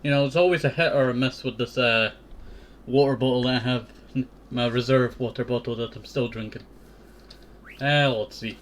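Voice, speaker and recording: A man's voice: mid-range voice, fairly even intonation, moderate pace, a little hiss or hum. A young man hosting a gaming channel, rambling and thinking aloud in casual let's-play commentary.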